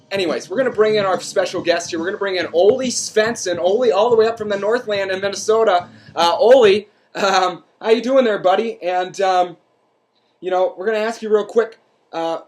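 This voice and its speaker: A young man hosting a comedic sports recap, deadpan and mock-serious, self-deprecating, with lots of ums and uhs. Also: sits high. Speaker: host.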